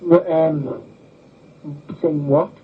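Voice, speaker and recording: A British man guesting on a chat show, his humor dry and deadpan. His voice sits a touch high for a man. It comes through a thin, phone-like line. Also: drawn-out words, husky. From United Kingdom. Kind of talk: casual chat. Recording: tinny phone-like call audio.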